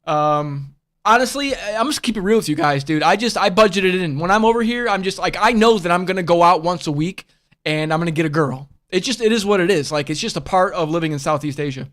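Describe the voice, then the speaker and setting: A man's voice: high-pitched, fast, fairly bright tone. A man hosting a casual livestream chat, talking bluntly and profanely and rambling through restarts and fillers. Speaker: livestream host.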